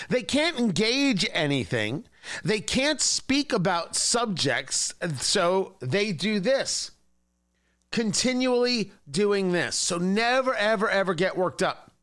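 A man's voice: high voice, fairly bright tone. A man hosting a political talk show, speaking emphatically and repeating phrases for stress. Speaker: radio talk show host. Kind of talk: opinionated political talk and read ad.

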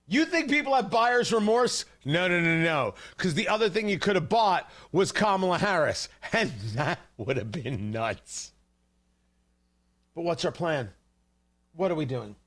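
Commenting on a livestream, a male host mocks and scolds in a heated, sarcastic rant. His voice is high and lively, jumping up and down in pitch.

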